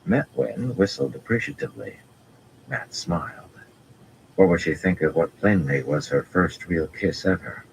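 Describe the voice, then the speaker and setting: A man reading a fantasy novel aloud as an audiobook narrator, in a measured, even storytelling manner. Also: low-pitched, creaky, slight background noise, poor audio.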